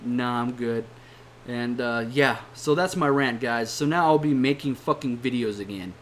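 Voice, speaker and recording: A man's voice: mid-range voice, normal speed, slight background noise. A young man, a YouTuber, delivering a heated, profane rant to his viewers, blunt and swearing often. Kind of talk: angry rant to camera.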